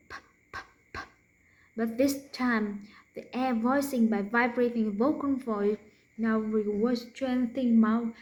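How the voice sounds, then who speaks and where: A woman with a Vietnamese accent gives a slow, careful pronunciation lesson. Her voice sits a little high, and she repeats each consonant over and over, whispering the unvoiced ones. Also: darkish tone, rough recording. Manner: demonstrates sounds by repeating them, drops to whispers. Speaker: pronunciation teacher.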